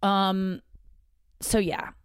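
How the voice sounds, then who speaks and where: A woman's voice: medium pitch, completely flat delivery, very slow, clean tone, no echo, studio quality. A woman hosting a podcast, telling stories in a chatty, profane, self-mocking way and quoting other people. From St. Louis area. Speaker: podcast host. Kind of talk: casual storytelling monologue. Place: father's home office.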